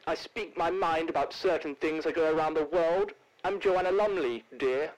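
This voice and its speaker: A man's voice: fairly high pitch, normal speed, pitched above the performer's own voice, lightly acted, poor audio. A man doing a comic impression of a posh, theatrical older English actress who keeps calling people darling. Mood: grandly plummy. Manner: plummy, affected, calls people darling. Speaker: celebrity caller in a comedy bit.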